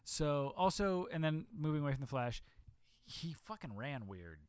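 A man's voice: a little high, moderate pace, smooth, no echo. A man co-hosting a podcast, chatting casually and rambling, swearing often as he retells things. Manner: profane, rambling, animated retelling. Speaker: podcast co-host. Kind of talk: casual chat.

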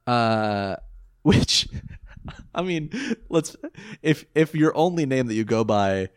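A man co-hosting a casual podcast recap, animated, joking and sarcastic. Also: medium pitch, takes it slowly, smooth, no echo, studio quality. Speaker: podcast co-host.

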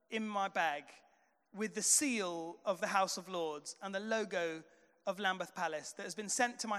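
High-voiced pastor in a reverberant hall. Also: male voice, bright, forceful tone. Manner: conversational storytelling, frequent fillers. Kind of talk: sermon.

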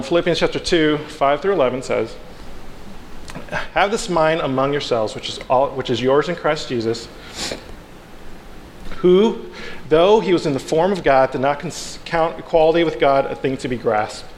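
A man preaching a casual sermon, telling a story with playful asides and acting out the characters. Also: on the high side. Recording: long hall reverb, faint background noise.

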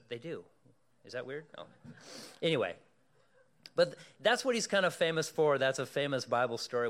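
A male pastor with a mid-range voice preaches a sermon, animatedly telling a story and putting questions to the congregation.

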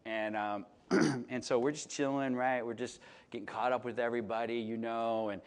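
A man in his late thirties from Chicago, preaching in a relaxed storytelling way and often asking the audience "right?" and "you know?". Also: mid-range voice, moderate pace, clear, resonant tone. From Chicago, United States. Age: late 30s. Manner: chatty, filler-heavy, asks the audience "right?". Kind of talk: conversational sermon storytelling.

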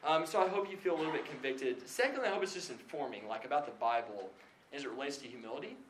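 This is a young male speaker at a Christian gathering, talking to a live audience in a hall in a casual, preachy way. He has a mid-range, slightly bright voice with lively intonation and a quick pace, full of "like" fillers and self-deprecating chatter. Echo and faint background noise fill the recording.

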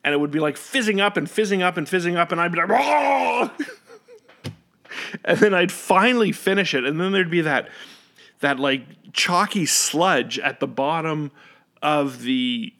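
A man's voice: on the high side, bright, forceful tone. A man telling a casual, rambling story into a close microphone, often correcting himself and laughing. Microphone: studio microphone up close.

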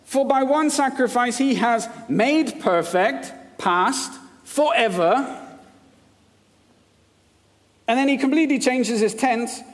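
A man's voice: very high voice, lively intonation, takes it slowly. A man from India preaching a sermon, mixing scripture readings with playful, jokey asides. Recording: long hall reverb.

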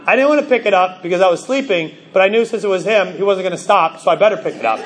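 A male pastor preaching a sermon in a conversational, story-driven way, with lots of "you know" and sudden loud bursts for emphasis. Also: high-pitched, quick pace, a faint crowd, a little hiss or hum.

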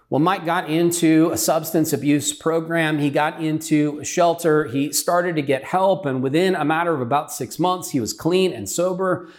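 A man's voice: fairly high pitch, normal speed, hardly any pauses. A middle-aged man, a pastor, telling a personal story in an earnest, conversational sermon style.

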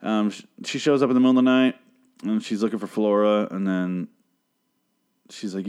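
A man recapping a TV episode in a casual monologue, rambling and profane, breaking off to act out the characters' lines in animated voices. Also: lowish voice, moderate pace, clean tone. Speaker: show recapper.

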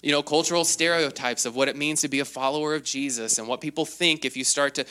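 A man in his thirties preaching a sermon, telling stories with lively acted quotes and frequent fillers. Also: on the high side, fast talker. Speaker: pastor.

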